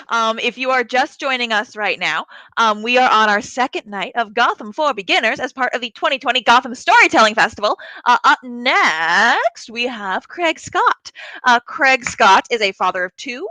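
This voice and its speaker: High, bright, gushing woman host. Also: no echo. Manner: gushing, cheering introductions. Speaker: show host. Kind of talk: hosting a live storytelling show.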